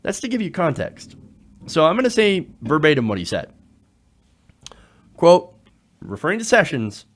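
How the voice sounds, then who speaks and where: A man hosting a political commentary show, talking in an animated way with frequent fillers and restarts. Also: a little high, moderate pace, pauses often.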